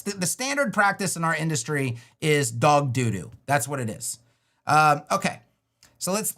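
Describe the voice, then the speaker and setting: A middle-aged man teaching web design on a livestream, ranting with sarcasm and the odd swear, then walking through a screen demo. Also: on the high side. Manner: animated and ranting, with sarcastic put-on voices and profanity.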